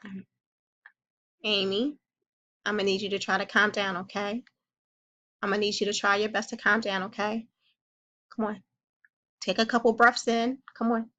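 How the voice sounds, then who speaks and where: A woman playing a calm, caring counselor who gently comforts and reassures a young child in a role-played session. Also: mid-range voice, normal speed, pauses often, natural voice. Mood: soothing.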